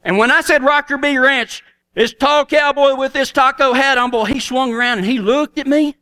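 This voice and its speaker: A man's voice: extremely high pitch, fairly even intonation, moderate pace, sharp tone. A middle-aged man with a Texan accent, telling a folksy story as a cowboy preacher in a sermon. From Texas.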